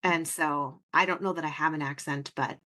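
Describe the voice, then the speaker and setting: A woman's voice: low voice, fairly even intonation, normal speed, bright, forceful tone. Chatty Minnesotan woman hosting a podcast. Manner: chatty and laughing easily. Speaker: podcast host. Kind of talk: casual interview chat.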